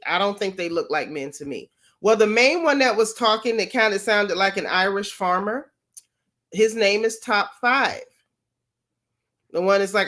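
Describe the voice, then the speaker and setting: A woman's voice: mid-range voice, fairly bright tone. A woman from Florida hosting a casual gossip vlog, chatty and mocking as she comments on clips.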